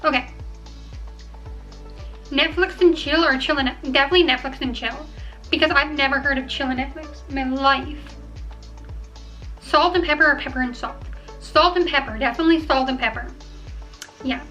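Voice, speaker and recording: A young woman chatting casually to camera at home, rambling and filling pauses with ums as she weighs each choice. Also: high voice, sharp tone, dull audio, faint music behind. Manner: chatty, rambling, filler-heavy. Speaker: vlogger. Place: home room.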